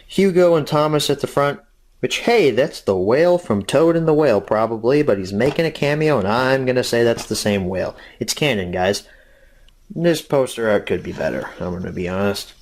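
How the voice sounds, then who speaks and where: A man's voice: medium pitch, lively intonation, moderate pace. A young man hosting a casual review, rambling and self-deprecating with jokey asides. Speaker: host.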